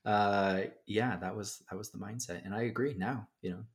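A young adult man, a podcast guest, telling stories in a casual, animated way, with filler words and many acted-out quotes. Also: on the low side, normal speed. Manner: animated storyteller who acts out quotes. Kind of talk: casual storytelling in a podcast interview.

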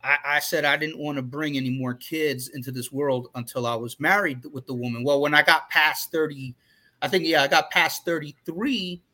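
Co-host, male, 40s: bright, slightly high voice, candid and rambling, lots of restarts. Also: steady tone, moderate pace. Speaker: podcast co-host. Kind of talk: casual chat.

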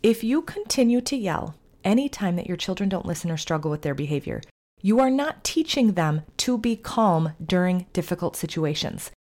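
A middle-aged woman hosting a podcast, giving calm, earnest, faith-based parenting advice in an instructive way. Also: fairly low pitch, moderate pace. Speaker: podcast host, family therapist.

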